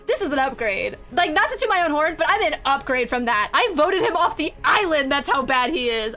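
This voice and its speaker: Excitable high-voiced woman streamer. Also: normal speed, hardly any pauses, faint music behind. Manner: excitable, chatty, greets viewers. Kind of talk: live game-stream commentary.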